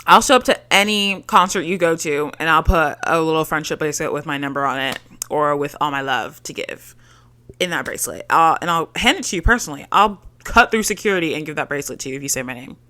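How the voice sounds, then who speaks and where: A woman's voice: low-pitched, fast, few pauses, bright, forceful tone. A young adult woman hosting a solo podcast, chatting casually and rambling with frequent giggles. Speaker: podcast host.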